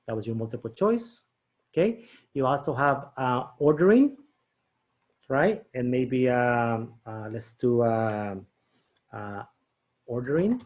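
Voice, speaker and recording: In a screen-share teacher training demo, a man walks through quiz setup, thinking aloud in a chatty way and checking in often with "okay?" and "right?". His voice is medium-pitched with a darkish tone.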